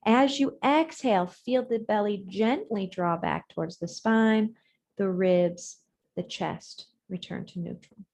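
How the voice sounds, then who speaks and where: A woman leads a yoga and breathing session over a video call, her voice sitting at an ordinary middle pitch. Her cues are gentle and measured, and the ends of her phrases fade away softly. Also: gravelly. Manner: gentle, measured cues with soft trailing words. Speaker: yoga instructor. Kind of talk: guided breathing and yoga instruction.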